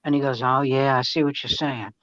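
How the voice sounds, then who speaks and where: An older man and veteran comedian telling animated anecdotes in casual chat, acting out the quotes as he goes. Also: medium pitch, fairly quick, no echo. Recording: dull lo-fi sound.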